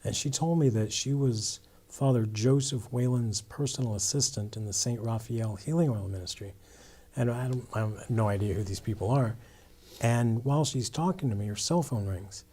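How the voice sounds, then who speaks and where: Man, guest in a testimony interview, husky and breathy tone, earnest storytelling. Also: mid-range voice, moderate pace, dark tone. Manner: earnest, with frequent restarts and "you know". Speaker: guest telling his conversion story.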